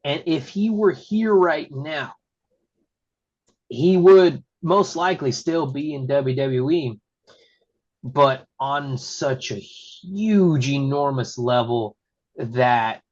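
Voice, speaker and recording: A referee from Texas chats as a podcast guest. He talks at a slow, easy pace and gets excitable, going up high when he acts out quotes. The audio is a little dull and lo-fi. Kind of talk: casual interview storytelling. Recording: slightly muffled lo-fi audio.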